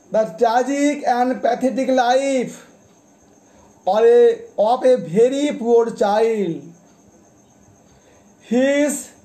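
Very high-voiced man reciting poetry slowly. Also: dark tone. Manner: deliberate, repeats titles and page numbers; explains each poem after reading it. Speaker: poet.

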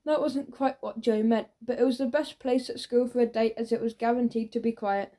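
A woman narrating a children's audiobook with lively storytelling. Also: on the high side, fairly quick. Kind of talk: scripted narration.

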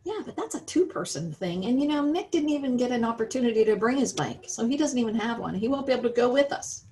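A woman's voice: a little high, lively intonation, fast, darkish tone, low-quality recording. An American woman in her role as a religious education teacher, reading a story to children. She tells it expressively and keeps stopping to ask her listeners how they would feel.

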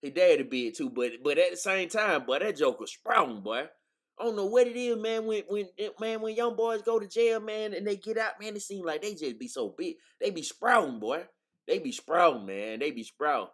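A man's voice: high voice, animated, normal speed, a bit bright. A man hosting a casual livestream chat, laid-back and laughing easily, ending his lines with "man". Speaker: host.

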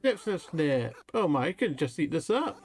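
Sassy female giraffe fashionista, game figure; a man reads her lines, lively pitch, slightly high. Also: normal speed, faint music behind. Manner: reading game text aloud with flair.

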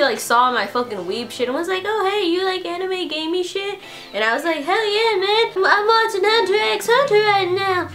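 A young woman with a high, bright-pitched voice chatters through a quiz on her vlog, swearing freely and flipping between mock outrage and giggles. Faint music plays softly behind her. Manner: excitable and profane, swearing constantly. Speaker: YouTuber taking an online quiz. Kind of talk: casual vlog commentary.

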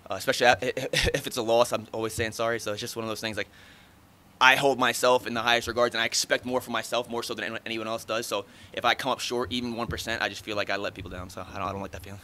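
With a lowish voice and a bright, forceful tone, a fighter in his thirties answers reporters after his bout. His casual replies come fast, blunt, chatty and full of profanity.

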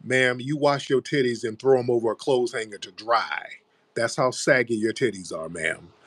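A man's voice: mid-range voice, moderate pace, a bit bright, no room sound. Taunting man on a dry close mic. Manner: mocking, taunting, repeating "ma'am". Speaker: livestream host. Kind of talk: heated live-stream argument.

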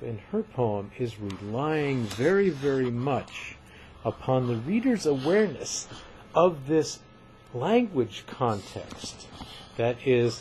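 Male literature lecturer, slow and deliberate, emphatic and repetitive delivery over a soft rumble. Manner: measured, emphatic, repeats points for students. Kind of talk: recorded lecture.

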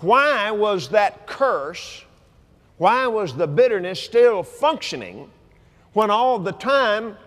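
A man preaching a sermon at a convention, folksy and animated, sometimes shouting and leading the crowd in repeating lines. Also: sits high, slow pace. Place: large convention hall. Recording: long hall reverb.

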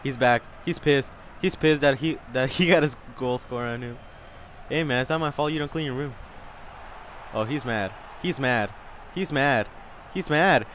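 A man commenting on a video game he is playing. He talks in an excitable way, yells a lot and swears often. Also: mid-range voice, normal speed, a little hiss or hum. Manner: excitable, yelling and cursing a lot. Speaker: gaming channel host.

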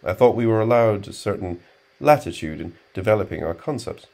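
A pompous young male graduate student, as a male reader puts him on, stiffly polite and quick to take offense. The voice sits noticeably higher than the reader's very deep natural tone and grows louder and more insistent. It is read from a storybook. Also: lively intonation.

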